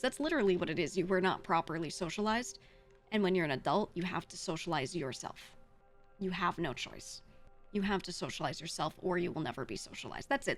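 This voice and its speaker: Blunt woman streamer giving frank advice. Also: medium pitch. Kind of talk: casual livestream chat, answering chat.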